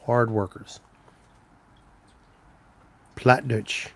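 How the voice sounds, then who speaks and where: A man's voice: medium pitch, normal speed, a little mellow. A man on a casual live stream, telling rambling stories and answering viewers' comments. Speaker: trucker livestreaming, reading chat.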